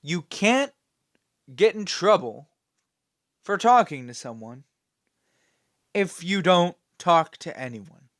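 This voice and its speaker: A man's voice: sits high, big pitch swings, slow pace, pauses often, a bit bright, no echo, clean studio sound. A man hosting his own channel, giving a rambling, opinionated commentary with many fillers and a scolding tone. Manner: scolding, dismissive. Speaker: channel host.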